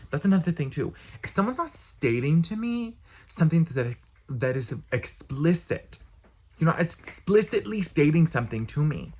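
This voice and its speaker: A man's voice: fairly high pitch, very animated, mellow. A young man ranting casually to camera, exasperated, blunt and profane. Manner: exasperated, blunt, profane, talks with quick bursts. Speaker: vlogger.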